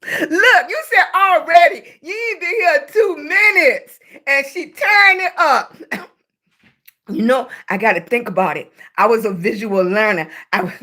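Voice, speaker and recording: A Southern woman with a high, bright-toned voice chats live with her viewers into a phone or webcam mic. She talks slowly, greeting each new arrival by name and calling them baby. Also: expressive. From Southern United States. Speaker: livestream host. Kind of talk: casual livestream chat with viewers.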